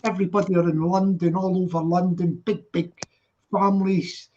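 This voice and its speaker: A man's voice: high voice, level tone, normal speed, darkish tone. A man in his sixties from Scotland with a Glaswegian accent, hosting a casual online chat and rambling as he repeats himself. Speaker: host. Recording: muffled lo-fi online call audio.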